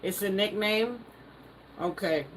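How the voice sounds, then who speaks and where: A woman's voice: medium pitch, slow, a little hiss or hum, poor audio. Playful woman host chatting with live viewers. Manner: playful, teasing, laughs often. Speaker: livestream host. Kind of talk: casual live chat reading viewer comments.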